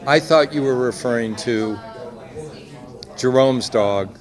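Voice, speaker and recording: A man's voice: mid-range voice, slow. A man, an executive producer and director, chatting through anecdotes in a press interview at a busy convention. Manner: chatty, anecdotal, quotes others with lively voices. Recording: crowd noise behind. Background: loud crowd chatter.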